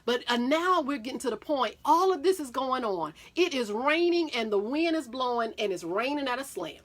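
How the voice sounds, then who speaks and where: A middle-aged woman, telling a story about her son to her viewers in a folksy, animated way. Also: high-pitched, moderate pace. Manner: folksy Southern-style talk, addresses viewers as y'all.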